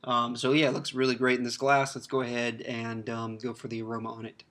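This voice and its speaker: Bright-voiced man reviewing a beer. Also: medium pitch, monotone, fairly quick. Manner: rambling, many fillers and restarts. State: slightly choked up, clears throat. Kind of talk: casual beer review vlog.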